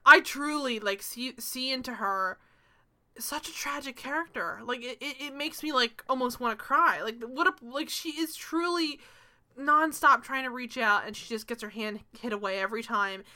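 A woman's voice: on the high side, normal speed, sharp tone. A young woman co-hosting a chatty TV recap show, gushing and swearing casually with lots of "like". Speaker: podcast co-host.

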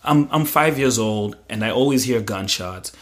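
A man's voice: lowish voice, normal speed. A man telling a personal story in conversation, retelling it vividly in the present tense with frequent fillers. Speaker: guest.

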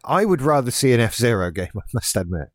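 A man's voice: mid-range voice, sing-song, brisk, dry recording, studio quality. A man in his late thirties co-hosting a podcast, chatting casually in a laid-back, rambling way with restarts and wry asides. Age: late 30s. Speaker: podcast co-host. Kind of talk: casual chat.

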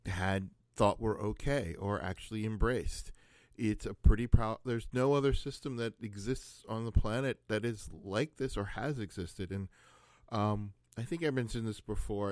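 A man's voice: lowish voice, darkish tone, no room sound. A man hosting a casual conversation, musing aloud and wandering into asides as he thinks things through.

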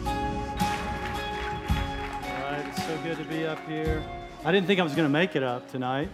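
A man's voice: on the high side, moderate pace, over loud music. A man from Texas, a guest speaker, preaching a sermon in a joking, conversational way in a church. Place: church sanctuary.

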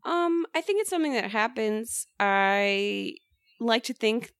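A young woman with a higher voice co-hosts a casual podcast, and her pitch swings widely. She laughs easily, pokes fun at herself and acts out her reactions. The recording is dry and close. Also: unhurried, no room sound. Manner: giggly, self-mocking, expressive. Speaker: podcast co-host.

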